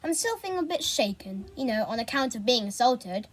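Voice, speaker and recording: A woman's voice: fairly high pitch, sing-song, a little fast. A woman reading aloud, voicing a chatty teenage boy who makes dry, sarcastic quips. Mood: wry.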